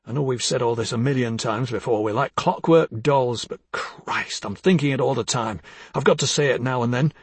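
A man reading the part of a bitter, jealous older husband, accusing and husky, dropping to hushed tones and rising to harsh outbursts. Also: mid-range voice, normal speed, no room sound, voice pushed down, close to an everyday voice. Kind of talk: dramatic audiobook reading.

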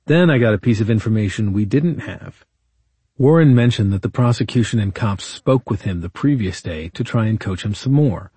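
Male attorney-narrator for a true-crime audiobook; low, dry, measured and indignant. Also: expressive, mellow, husky, no room sound. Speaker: attorney narrating his own case.

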